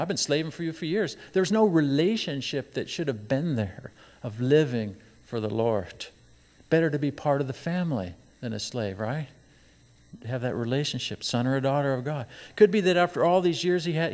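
A man's voice: mid-range voice, a little mellow. A man preaching a sermon, reading scripture aloud and pressing his points with emphatic rises and rhetorical questions. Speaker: pastor. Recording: long hall reverb.

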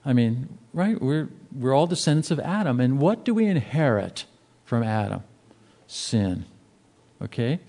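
Pastor, male, mellow tone, casual emphatic preaching. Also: medium pitch, a little slow. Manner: conversational preaching, emphatic and animated. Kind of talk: sermon.

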